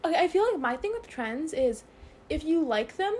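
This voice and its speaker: A woman's voice: sits high, lively intonation, moderate pace, darkish tone. A teenage girl in casual chat with a friend, talking in an upbeat, chatty way full of fillers. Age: teens. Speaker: co-host.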